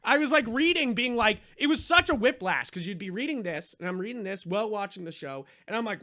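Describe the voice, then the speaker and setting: A man co-hosting a podcast in casual chat, animated and profane, rambling with lots of restarts. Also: high-pitched, brisk, hardly any pauses, no echo, clean studio sound. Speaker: podcast co-host.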